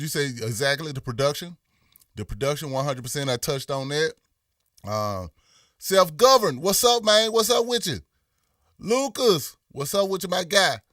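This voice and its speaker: A man with a Memphis Southern accent chats through a livestream, slangy and lively as he greets viewers. His voice is bright and fairly high for a man. The sound is dry, but he sits a little back from the mic. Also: no room sound, recorded from a distance. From Memphis, USA. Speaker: livestream host. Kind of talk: casual livestream talk reading chat.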